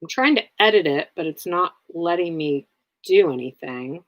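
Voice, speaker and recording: A woman's voice: lowish voice, lively intonation, normal speed, no echo, highs cut off. A woman hosting a casual livestream, answering viewers in a blunt, rambling way with many fillers. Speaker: livestream host.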